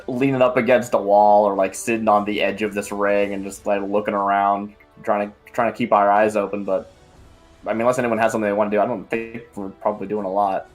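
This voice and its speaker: A man's voice: fairly low pitch, little pitch movement, fairly quick, faint music behind. A man playing a tabletop game, talking loosely and rambling with many fillers. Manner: loose, rambling, lots of likes. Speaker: player. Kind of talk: casual chat at a game table.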